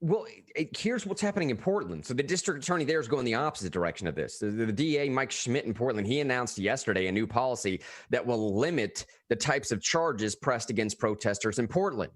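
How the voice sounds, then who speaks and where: Animated Southern man on a podcast. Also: mid-range voice, brisk, hardly any pauses, no room sound, studio quality. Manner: animated, restarts phrases often. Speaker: podcast co-host. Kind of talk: casual political talk.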